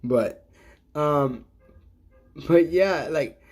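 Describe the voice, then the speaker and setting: A man's voice: fairly high pitch, lively intonation, extremely slow, a little mellow. A middle-aged man hosting a casual livestream, talking in a rambling, profane way and chuckling at his own jokes. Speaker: livestream host.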